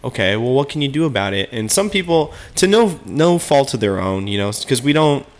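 A man hosting a casual chat, animated, who often acts out quoted small talk. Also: medium pitch, a little fast.

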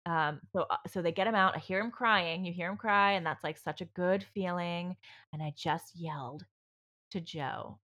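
A woman telling a personal story on a podcast in easy, candid chat. Her voice sits fairly low but rings bright and forward. She rambles, restarts her sentences and fills them with fillers, swearing freely as she goes. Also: normal speed. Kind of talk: casual chat.

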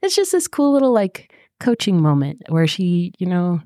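A woman with a low voice chats casually as a podcast co-host, with lots of fillers. Her voice sounds dry and close, with no room echo. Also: big pitch swings, moderate pace, dark tone. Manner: chatty, many fillers, retells scenes with laughs. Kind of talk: casual book club chat.

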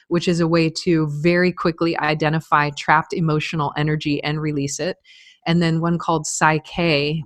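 A woman's voice: low-pitched, fairly bright tone, no echo. Middle-aged woman guest telling her story, earnest, lots of "like", dry close mic. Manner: candid, earnest, frequent "like" fillers. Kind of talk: casual interview storytelling.

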